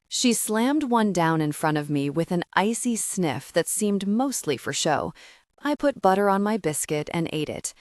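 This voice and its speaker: A woman reads a first-person novel aloud in a low, measured voice. Her narration is steady and even. The recording is close and dry. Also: no echo. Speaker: audiobook narrator.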